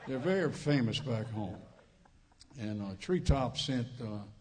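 Cajun guy preaching, folksy and jokey, repeats himself a lot, middle pitch, big echoey church. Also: expressive, unhurried, darkish tone. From Louisiana Cajun country. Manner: folksy, joking, repeats phrases. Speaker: visiting preacher. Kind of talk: sermon. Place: church sanctuary. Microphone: church PA microphone. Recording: reverberant church hall.

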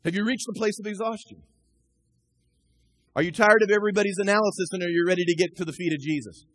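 High-voiced impassioned male preacher. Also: quick pace, husky, no echo, faint music behind, rough recording. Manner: impassioned preaching, rising to shouts then dropping low. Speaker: pastor. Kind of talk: sermon.

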